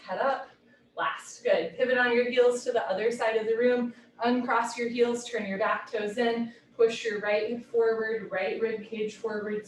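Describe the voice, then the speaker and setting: A woman teaching a live yoga class from home, giving brisk, clipped posture cues with a light, playful touch. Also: on the high side, slight background noise. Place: home room. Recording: roomy echo, heard from a distance.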